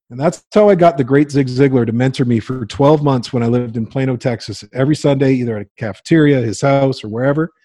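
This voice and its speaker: A man's voice: mid-range voice, no echo. Man telling a story with dry close sound. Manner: lively storyteller, acts out quoted voices, laughs often. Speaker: guest, coach and agency owner. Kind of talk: animated storytelling in an interview.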